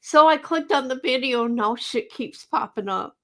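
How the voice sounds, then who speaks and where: A woman's voice: sits high, expressive, moderate pace, a bit bright. An older woman hosting a casual livestream, talking bluntly with exasperation, stammering and breaking into laughter. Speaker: livestream host.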